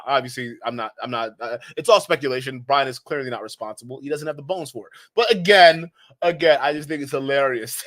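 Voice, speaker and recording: A man hosting a casual livestream, reading super chats, rambling and joking with frequent laughs. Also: medium pitch. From Nigeria. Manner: joking, rambling, laughs often, shouts out viewers. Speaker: livestream commentator.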